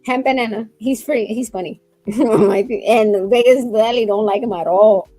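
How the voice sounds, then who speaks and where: A middle-aged woman from Mexico, chatting casually and fast, loudly and with lots of laughter. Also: fairly high pitch, dry recording, faint music behind, rough recording. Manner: loud, fast, laughing talker. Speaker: stream host. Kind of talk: casual chat.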